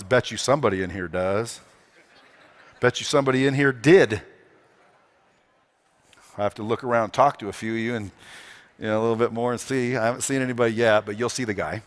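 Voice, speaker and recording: A man speaking from a conference stage to a live crowd, at a mid pitch for a man. He talks in a brash, salty style, swearing freely. He hammers the room with rhetorical questions. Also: a little fast, long pauses. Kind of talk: motivational stage talk. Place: conference hall stage before a live audience.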